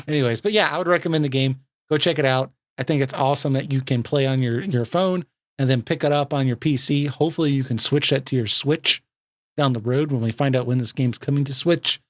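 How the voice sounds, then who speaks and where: A man hosting a casual gaming podcast, enthusiastic and laughing often, with quick asides. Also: mid-range voice, no echo, clean studio sound. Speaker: podcast host.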